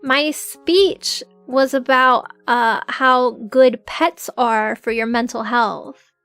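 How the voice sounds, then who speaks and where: A young woman streamer chats casually to her audience in a fairly high voice. She giggles often and scatters "like" through her sentences. Soft music plays quietly behind her. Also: fairly even intonation, slow, clean tone. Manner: chatty, giggly, full of filler "like"s. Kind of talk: casual live-stream chat.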